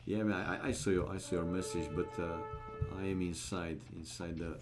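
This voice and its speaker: A man's voice: sits low, moderate pace, over music. A man with a non-native English accent, casually commenting a strategy game live and answering chat, with many fillers. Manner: relaxed, rambling, frequent uh fillers, chuckles at chat. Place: gaming room.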